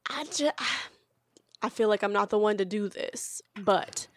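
A woman co-hosts a casual podcast, dropping wry, deadpan quips between sighs. Her voice sits in a middle pitch for a woman. The sound is dry and close to the mic. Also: a little slow, dry recording. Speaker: podcast co-host.

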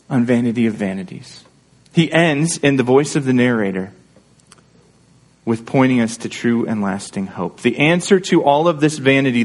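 Speaking in a mid-range voice, a male pastor delivers an earnest, conversational sermon, regularly checking in with his audience through rhetorical questions.

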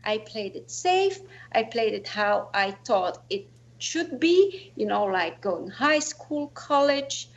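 Soft-spoken woman telling a personal story. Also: fairly high pitch, big pitch swings, slow pace, highs cut off. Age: 40s. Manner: earnest, reflective, slightly non-native phrasing with "you know, like". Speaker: guest.

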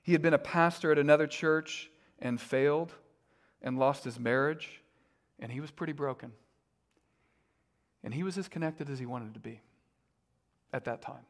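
A middle-aged pastor gives a relaxed, conversational sermon at a moderate pace, pausing often. His voice is a bit higher than most men's, and he fills it with casual fillers and self-deprecating asides.

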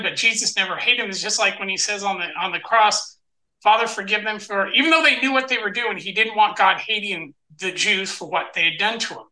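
A man rambling through a story in a casual group discussion, full of restarts and asides. His voice is very bright and forward, and it sits in a roomy, echoing space. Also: high-pitched, recorded from a distance. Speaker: participant in a Bible study discussion. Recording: roomy echo.

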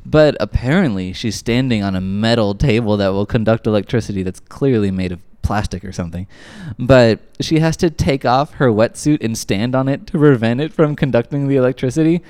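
A man's voice: mid-range voice, brisk, hardly any pauses, darkish tone, clear, resonant tone, no echo, studio quality. A man co-hosting a podcast in casual chat, wry and prone to tangents. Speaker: podcast co-host.

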